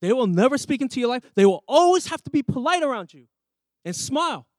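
A man's voice: very high-pitched, sing-song, fast, no room sound. A man who is a pastor, preaching a sermon and often asking the congregation questions. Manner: emphatic, asks the congregation questions. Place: church.

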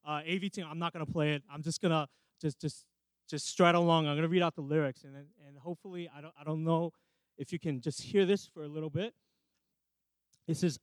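A man's voice: fairly high pitch, steady tone, fairly quick, no echo. A man in his thirties preaches to a church youth group in a slightly raised voice, rambling and poking fun at himself between restarts. His mic sound is close and dry, with no room around it. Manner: rambling and self-joking, many restarts. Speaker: youth pastor. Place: church youth service with audience. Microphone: microphone.

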